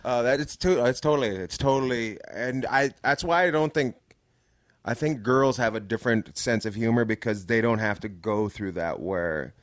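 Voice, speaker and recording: Man, comedian guest on a podcast, laid-back, short agreeing replies, mid pitch, dry close mic. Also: normal speed, no room sound. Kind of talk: casual chat.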